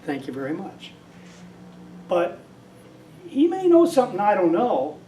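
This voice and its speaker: A man's voice: sits high, huge pitch swings, a little slow, warm tone, a little hiss or hum. An older man giving a casual lecture and telling rambling stories. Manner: rambling storyteller, acts out quoted voices. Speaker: guest speaker. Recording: echoey hall from far off.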